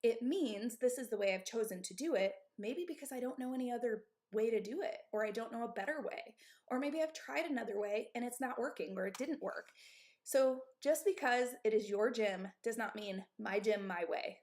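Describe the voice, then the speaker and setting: On a live stream, a woman in her thirties who owns a gym and coaches there gives frank, forceful advice, often asking "okay?" and "right?" to check in. Her voice is fairly high and a little mellow, and she speaks at a moderate pace while sounding out of breath.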